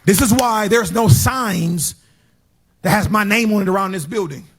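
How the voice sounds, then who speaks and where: A middle-aged man preaches from the pulpit. His voice sits high for a man and sounds husky. He swings from loud, shouted praise down to quiet, hushed storytelling. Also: moderate pace, some chatter behind. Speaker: pastor. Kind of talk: sermon. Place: church sanctuary.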